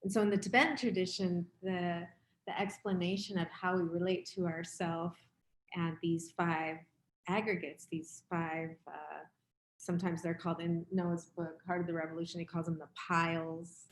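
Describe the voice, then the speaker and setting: A woman's voice: lowish voice, level tone, normal speed. A woman in her fifties giving a dharma talk as a meditation teacher, speaking in a candid, reflective, conversational way. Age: 50s. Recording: roomy echo.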